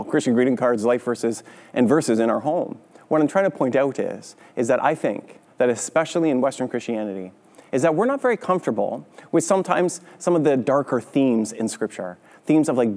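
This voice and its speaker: A man's voice: medium pitch, darkish tone, in a large hall. A male pastor preaching a sermon in a conversational way, often checking in with "right?". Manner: conversational, with frequent "right?" tag questions. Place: church sanctuary.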